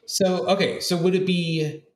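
Guy puzzling out loud, lots of restarts, echoey room. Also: high-pitched, level tone, a little slow, a little hiss or hum. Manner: thinks aloud with restarts. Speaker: guest player. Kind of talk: casual game chat. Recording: roomy echo.

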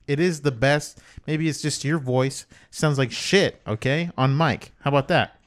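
A man's voice: on the high side, unhurried. A man co-hosting a comedy podcast, firing off questions with mock offense. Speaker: podcast co-host. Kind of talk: casual comedy podcast chat.

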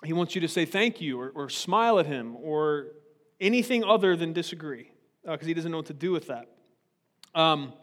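A man preaching a humorous, conversational sermon as pastor, joking and often checking in with his listeners. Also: high voice. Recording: reverberant hall.

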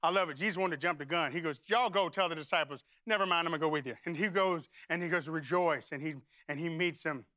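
High, bright-voiced preacher man. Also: quick pace, hardly any pauses, no echo, clean studio sound. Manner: preaching that builds to loud, high-pitched declarations. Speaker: pastor. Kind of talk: sermon with storytelling.

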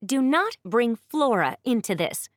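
A woman's voice: medium pitch, sing-song, a little slow, no room sound, clean studio sound. A woman voicing a furious royal older sister who scolds her brother in an audiobook. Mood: indignant. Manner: indignant, scolding.

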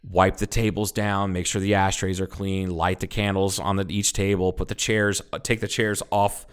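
A man in his thirties, a podcast co-host telling a story in casual chat, animated and full of swearing. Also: sits low, normal speed, clear, resonant tone. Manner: animated storyteller, swears a lot, acts out quotes loudly.

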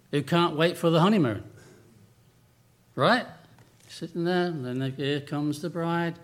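Man preaching a lively sermon. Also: fairly high pitch. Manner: lively and conversational, with humorous asides.

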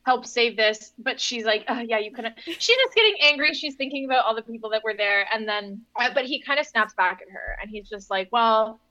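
A woman's voice: a little high, lively intonation, a little fast, hardly any pauses, bright, forceful tone, no room sound, highs cut off. A young woman co-hosting a podcast, recapping a novel in a rambling, self-correcting casual chat. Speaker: podcast co-host.

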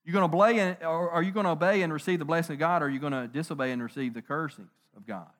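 Middle-aged male pastor, lively conversational sermon, fairly high voice, playful rhetorical questions. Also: racing. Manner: animated, conversational preaching with jokes and rhetorical questions.

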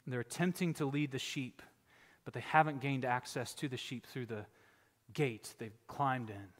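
A male pastor preaching a sermon, emphatic, swinging from loud exhortation down to near-whispers. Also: mid-range voice, moderate pace, long reverb tail.

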